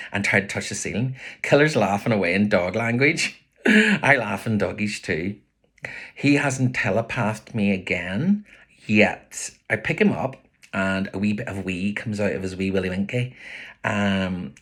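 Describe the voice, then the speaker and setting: A man with a Belfast accent, reading his own novel aloud with lively voices for the characters. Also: fairly low pitch, slightly rough. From Northern Ireland.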